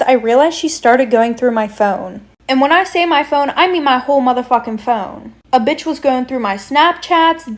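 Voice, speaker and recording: Young woman, slightly high voice, casual storytime, blunt and sweary. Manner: blunt, swears freely, chatty asides to viewers.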